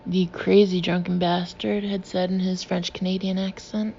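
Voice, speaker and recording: Gravelly-voiced woman reading an audiobook. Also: lowish voice, little pitch movement, normal speed, hardly any pauses, mellow, lo-fi sound, slight background noise. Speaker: audiobook narrator. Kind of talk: audiobook narration.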